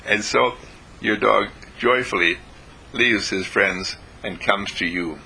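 A man giving a short daily inspirational talk as a university dean, telling a story, often chuckling and clearing his throat. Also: lowish voice, slow pace, pushed and bright, a little hiss or hum, low-quality recording.

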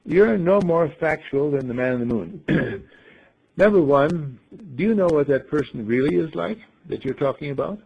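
A man with a very husky, gravelly voice tells a rambling story to a small group, swinging his pitch widely as he muses aloud. The sound is dull and lo-fi. He clears his throat often as he goes. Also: animated, moderate pace. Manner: playful, acts out voices in quotes, frequent throat clearing. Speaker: speaker telling a story to a group. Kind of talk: rambling spoken storytelling and musing.

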